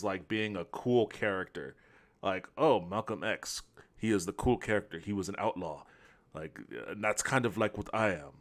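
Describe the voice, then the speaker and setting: A man's voice: lowish voice, fairly bright tone. Blunt, joking man streamer. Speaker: stream host. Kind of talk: casual reaction commentary.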